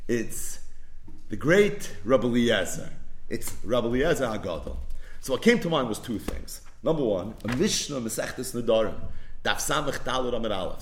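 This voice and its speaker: Man, Torah lecture, Hebrew-Yiddish terms, very animated pitch. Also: a little hiss or hum. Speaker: Torah teacher. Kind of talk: Talmud lecture.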